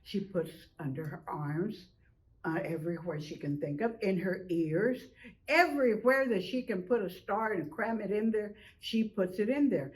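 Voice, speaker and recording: An older woman telling a traditional animal story slowly, drawing out repeated phrases. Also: medium pitch, low-quality recording.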